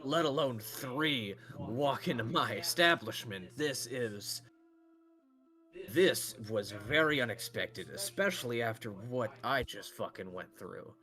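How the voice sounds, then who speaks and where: A man doing a burly slave dealer with an elf's height and a dwarf's build, gruff and defensive and quick to curse. His delivery is slow and unhurried, with a faint hum of music underneath. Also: medium pitch, animated, pushed and bright. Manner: defensive, blunt, cursing.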